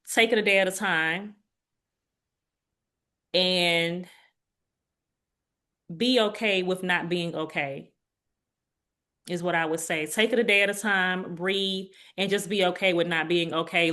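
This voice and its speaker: A woman in her forties, an interview guest, sharing a heartfelt personal testimony in an earnest way and turning animated when she quotes others. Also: fairly low pitch. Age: 40s.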